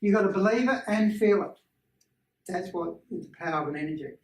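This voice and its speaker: A man leading a workshop, telling stories in a lively, animated way and acting out voices. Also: high voice, a little fast, a little hiss or hum. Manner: animated storyteller who acts out voices. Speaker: energy healing workshop presenter. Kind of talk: casual teaching talk to a small group. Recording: roomy, distant room mic.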